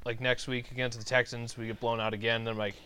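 A man co-hosting a podcast, chatting casually about sports with a relaxed, filler-heavy way of talking. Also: medium pitch, quick pace, crowd noise. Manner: laid-back, lots of "like" fillers. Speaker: podcast co-host.

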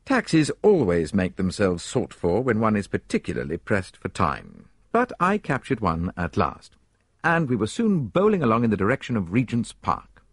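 A man narrating an audiobook in a measured, expressive way. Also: fairly low pitch, husky, no echo, studio quality.

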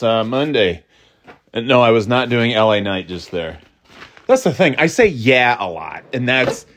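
A man with a medium-pitched, slightly bright voice chats casually by himself, rambling with fillers and restarts. He keeps dropping into brief, jokey mock catchphrase imitations.

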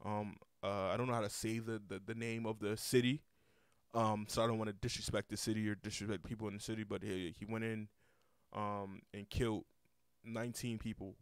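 A man's voice: fairly low pitch, little pitch movement, a little fast, clear, resonant tone, no room sound, clean studio sound. A young man hosting a casual podcast, rambling with lots of repeated words and cursing freely. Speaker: podcast host.

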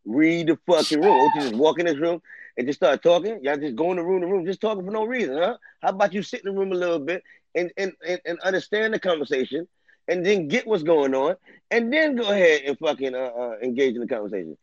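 A man hosting a loose chat and trading crude, teasing jabs. His voice sits a bit high. The sound is dry and dull, like a lo-fi recording. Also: expressive, fast talker, no room sound. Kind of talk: casual chat.

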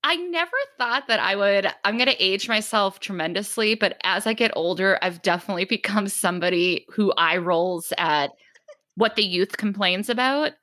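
A woman hosting a podcast, chatting casually and telling animated stories, slipping into mocking voices. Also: medium pitch, moderate pace, no echo, clean studio sound. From Italian immigrant family. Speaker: podcast host. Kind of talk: casual chat.

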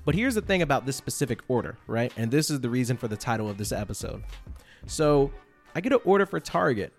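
Animated man rambling through a story. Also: mid-range voice, fast, faint music behind. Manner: rambling, full of "like" and "all right?"; animated, exaggerated retelling. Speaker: podcast host. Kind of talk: casual storytelling monologue.

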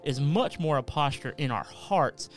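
A man's voice: on the high side, lively intonation, unhurried, faint music behind. A man co-hosting a podcast, explaining Bible verses in a casual, earnest way with everyday examples. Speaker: podcast co-host. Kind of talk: casual Bible study discussion.

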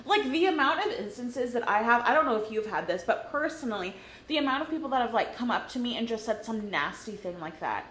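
A woman's voice: on the high side, animated, fast, a bit bright, slight background noise. A young woman from the Midwest co-hosting a casual podcast, blunt, profane and indignant. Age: young adult. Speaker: podcast co-host. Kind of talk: casual chat. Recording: echoey room.

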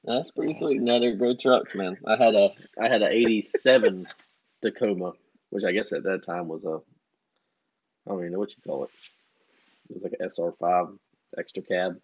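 A man's voice: fairly low pitch, moderate pace, pauses often. A man, hosting a casual talk show with dry, teasing banter. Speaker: host. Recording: dry, dull lo-fi audio.

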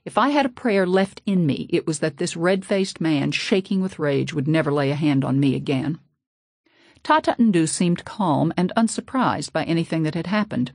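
A woman narrating a novel in the first person, steady and low-key, close to the mic. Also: moderate pace, no echo. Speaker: audiobook narrator. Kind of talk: audiobook narration.

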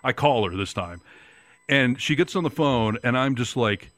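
A man's voice: mid-range voice, normal speed, no echo. Middle-aged man telling a wild story. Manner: animated storyteller, acts out quoted voices. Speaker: radio talk show host. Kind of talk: casual storytelling chat.

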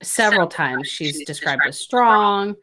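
A woman co-hosting a casual book podcast, chatty and quick to laugh. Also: lowish voice, lively intonation, crowd noise, low-quality recording. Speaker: podcast co-host.

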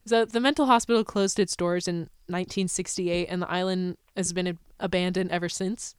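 A woman's voice: fairly low pitch, brisk, clear, resonant tone, no room sound, clean studio sound. A young woman co-hosting a podcast, telling a ghost story in casual chat, laughing often as she goes. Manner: giggly, animated storyteller. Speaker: podcast co-host.

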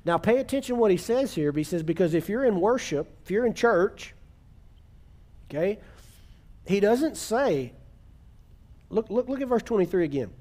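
A man preaching a sermon in church, earnest, slowing down to stress key words and calling on the congregation to repeat after him. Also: high voice, lively intonation, dark tone. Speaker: pastor.

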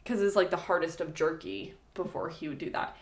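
A woman's voice: sits low, brisk. A young woman co-hosting a podcast, telling a history story in casual chat, laughing often and swearing freely. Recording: echoey room.

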